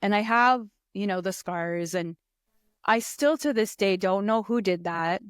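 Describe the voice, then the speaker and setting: A woman's voice: mid-range voice, a little slow, smooth, dry recording, studio quality. A woman guest on a podcast talking casually, reflective and earnest, with the odd swear word. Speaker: podcast guest, spiritual practitioner. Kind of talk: casual conversation.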